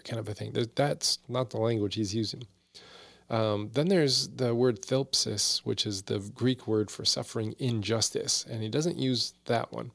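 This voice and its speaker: A man's voice: mid-range voice, moderate pace, creaky, no echo. A man giving a casual, candid Bible study talk on a podcast, full of fillers and asides.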